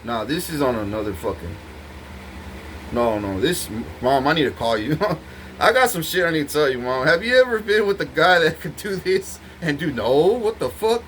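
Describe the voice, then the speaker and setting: A man's voice: a little high, sing-song, normal speed, a bit bright, a little hiss or hum, low-quality recording. A man talking to the camera in an intense, rambling monologue full of swearing, speaking straight to his partner. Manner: intense, profane, rambling, addressing a partner directly.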